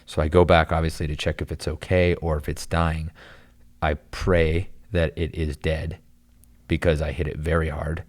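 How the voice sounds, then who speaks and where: A young man with a very low voice tells a story on a podcast. He talks casually and rambles, stacking fillers and retelling what people said. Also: moderate pace. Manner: rambling, animated storytelling with lots of "like" and "dude". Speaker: podcast guest.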